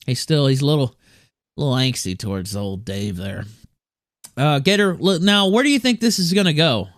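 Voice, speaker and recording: A man's voice: a little high, very animated, a little fast, no echo, studio quality. A man hosting a livestream, talking casually, reading chat messages aloud and often breaking into chuckles. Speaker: livestream host.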